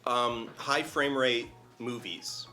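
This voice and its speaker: A male guest on a relaxed stream, speaking in a bright, clear voice. He works through ideas analytically, with plenty of filler words as he thinks aloud. Faint music sits underneath. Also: medium pitch, slow. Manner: thoughtful, analytical explainer with many "like" fillers. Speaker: guest video essayist. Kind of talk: casual chat on a charity stream.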